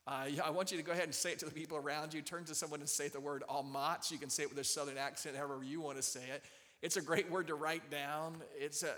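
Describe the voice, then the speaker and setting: A man's voice: medium pitch, bright, forceful tone. A man preaching a sermon, retelling a Bible story and turning to the congregation to ask them to join in. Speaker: pastor. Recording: long hall reverb.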